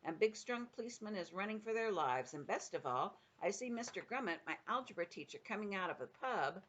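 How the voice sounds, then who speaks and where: An older woman, a grandmother, reading a children's book aloud with expressive storytelling, dipping into the characters' voices. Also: mid-range voice, a little fast, highs cut off.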